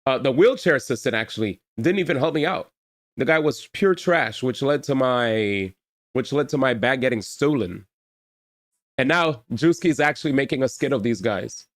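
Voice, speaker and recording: A man streaming reaction commentary to his chat, excitable and full of slang. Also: mid-range voice, normal speed, dry recording, clean studio sound.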